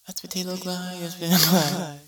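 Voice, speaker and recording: A man's voice: high-pitched, flat delivery, fairly quick, noisy background. A man hosting a casual solo podcast, rambling through laid-back stories and laughing at himself. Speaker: podcast host.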